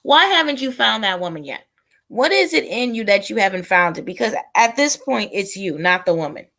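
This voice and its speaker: A woman's voice: mid-range voice, sing-song, normal speed, sharp tone, rough recording. A woman hosting a casual livestream, talking bluntly and lecturing a viewer. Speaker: livestream host.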